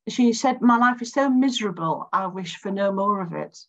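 A woman's voice: medium pitch, measured pace, lo-fi sound. Chatty woman telling gallery stories. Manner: chatty storyteller, frequent restarts, acts out quoted voices. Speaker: academic art activist giving a talk. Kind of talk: anecdotal slide talk.

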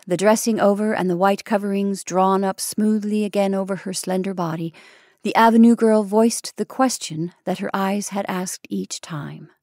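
A woman reading a short story aloud in a measured, soft-spoken way. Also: medium pitch, dry recording, clean studio sound. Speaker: narrator.

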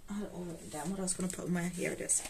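Racing along in a steady, low-ish voice, a woman with a Geordie accent counts out her budget money, chatting casually and talking to herself. She's a budgeting vlogger. Notes rustle in the background of a clear recording.

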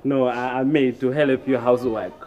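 A man's voice: medium pitch, fairly even intonation, normal speed, a little mellow, dull audio, close to an everyday voice. A man plays a husband in a comedy sketch who speaks hesitantly. He stumbles over his words as he tries to placate his wife. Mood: placating.

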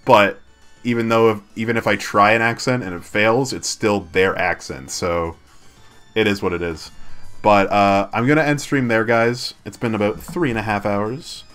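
A man's voice: lowish voice, a bit bright. A man chatting casually on a game live stream, laughing and self-deprecating, with lots of fillers.

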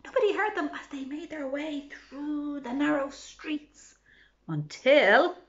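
A woman's voice: sits high, slow. A woman, a children's librarian, reading a picture book aloud in a playful way. She asks the listeners questions and drops to whispers. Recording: slightly dull lo-fi recording.

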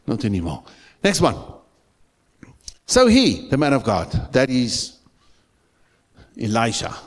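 A man's voice: medium pitch, huge pitch swings, drawn-out words, long pauses. A man with a South African accent preaching a sermon in a church, emphatic, repeating phrases and asking the congregation questions. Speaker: pastor.

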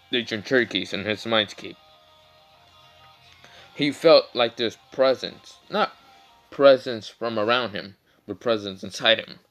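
A man's voice: medium pitch, a bit bright, low-quality recording. A man casually narrating a fan story, rambling and searching for words as he goes. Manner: rambling, fillers like "what's it called".

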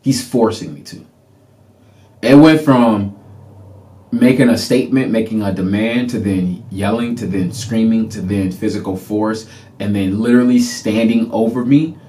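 A man hosting a podcast, telling a personal story in an animated way and acting out the people in it. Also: lowish voice, measured pace. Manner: animated, laughing, reenacts people. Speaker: podcast host.

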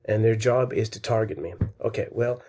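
Male math channel host, fired-up, insulting lecture rant; low, mellow tone. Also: normal speed. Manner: angry, insulting, worked up. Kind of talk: ranting math video lecture.

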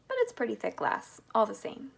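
A woman reading aloud and voicing a calm, cheerful eccentric candy maker who stays unflappable. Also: on the high side, a little fast, vocal fry, breathy edge, exaggerated voice. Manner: breezy and unflappable.

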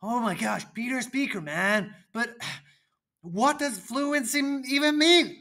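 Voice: mid-range voice, unhurried, bright, forceful tone. A performer voicing a laid-back, curious surfer-dude student who asks questions in casual slang, in a children's educational roleplay.

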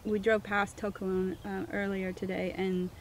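A woman from Missouri tells her winemaking story in an interview. She is animated and acts out the dialogue she quotes. Her pitch sits in the middle, and faint background noise runs under the recording. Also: moderate pace. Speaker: winemaker, guest.

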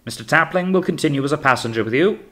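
A man voicing a brisk, commanding older naval captain who speaks in a raised, authoritative voice. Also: mid-range voice, expressive, voice pushed up, natural voice.

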